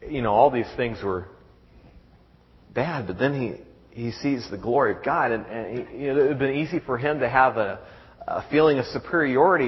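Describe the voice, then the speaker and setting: A middle-aged man preaching a sermon in a halting way, repeating words and reading scripture aloud. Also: medium pitch. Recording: dull sound with long hall reverb.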